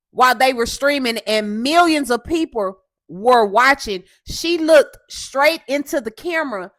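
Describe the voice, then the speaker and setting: A woman from Houston hosting a casual commentary show, loud and assertive, with a coarse voice, often tagging "okay?". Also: high-pitched, no room sound. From Houston, Texas. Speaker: host.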